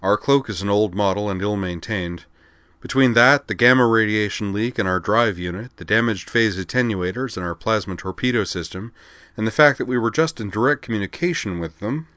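A man's voice: lowish voice, brisk, pushed and bright, no echo. A man voicing a wary sensor officer giving dry, clipped reports in a sci-fi audiobook.

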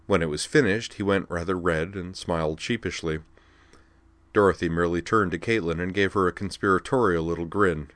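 A man reading a story aloud in an even, measured way. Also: low voice, no room sound. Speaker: narrator. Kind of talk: audiobook narration.

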